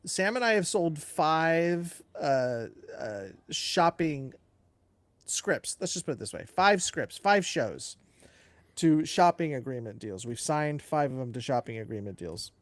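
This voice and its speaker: A man chats loosely as co-host of a live question-and-answer stream, his voice sitting a little high for a man. He rambles, laughs often and backtracks mid-sentence. The sound is dry and close, with no room around it. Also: expressive, unhurried, dry recording. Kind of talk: casual live Q&A chat.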